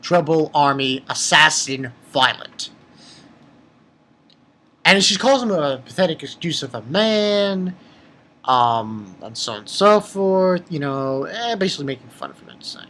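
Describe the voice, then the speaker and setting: A man casually recapping a manga chapter for his channel, rambling and excitable, with lots of fillers and restarts. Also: fairly high pitch. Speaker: manga review channel host.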